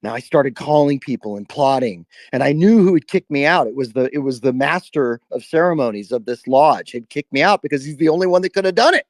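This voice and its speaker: A man telling a personal story on a live stream about shadow work, speaking emphatically with profanity and long pauses. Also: medium pitch, expressive, no room sound. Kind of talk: intense personal storytelling to a listener.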